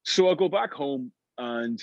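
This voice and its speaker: A middle-aged Scottish man telling anecdotes in an interview, lively and full of restarts. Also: mid-range voice, a little slow, no echo, lo-fi sound. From Scotland. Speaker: guest musician. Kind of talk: storytelling interview.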